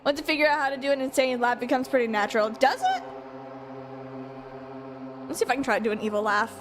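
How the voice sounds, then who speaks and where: A woman's voice: sits high, very animated, quick pace, noisy background. A woman streamer reacting to a game, emotional and swearing, laughing often. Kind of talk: gameplay reaction commentary. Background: game music.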